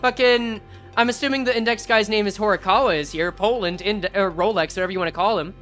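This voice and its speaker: A woman streamer giving casual, animated game commentary, reading lines aloud and swearing now and then. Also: mid-range voice, quick pace, faint music behind.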